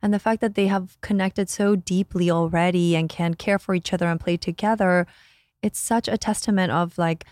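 A woman co-hosting a podcast, chatting casually and warmly affirming her friend. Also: on the low side, steady tone, moderate pace, no room sound, studio quality. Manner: supportive, affirming listener. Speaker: podcast co-host. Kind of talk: casual chat.

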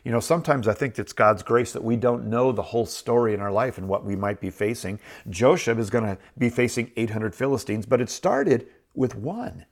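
A man's voice: medium pitch, normal speed, few pauses. A middle-aged man hosting a show, giving an earnest, encouraging Bible teaching and repeating phrases for emphasis. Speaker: host.

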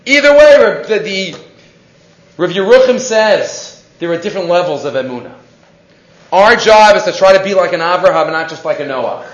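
A man gives a Torah class in an animated, storytelling way. His voice sits high and swings widely as he acts out the people in his stories. The room echoes, and the recording sounds dull and lo-fi. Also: normal speed. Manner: animated, acts out quoted characters. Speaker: Torah teacher.

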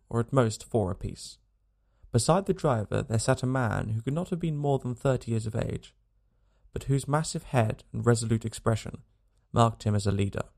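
Male audiobook narrator, strongly gravelly tone, measured and scripted. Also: mid-range voice, darkish tone.

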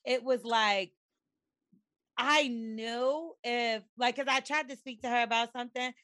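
A woman's voice: on the high side, fairly even intonation, a little slow, a bit bright, dry recording, clean studio sound. A woman co-hosting a podcast in casual chat, blunt and profane, acting out quoted conversations with animation. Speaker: podcast co-host.

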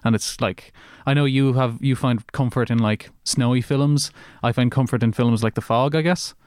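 A man's voice: medium pitch, steady tone, moderate pace, a little mellow, clear, resonant tone, no room sound. Male co-host, loose rambling delivery, dry close recording. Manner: rambling, many fillers and restarts. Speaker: podcast co-host. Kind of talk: casual film discussion.

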